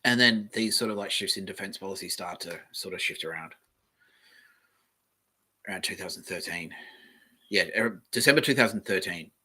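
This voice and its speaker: A man hosting a casual solo podcast, reading aloud from the web and thinking out loud in a rambling way, with the odd swear. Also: low-pitched, normal speed, pauses often, breathy edge. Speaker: podcast host.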